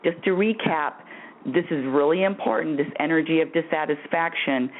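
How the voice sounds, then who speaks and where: A woman's voice: low voice, moderate pace, a little hiss or hum. Effusive woman radio host on a tinny line. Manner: effusive, animated, laughs often, repeats phrases. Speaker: radio show host and spiritual advisor. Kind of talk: call-in radio advice talk.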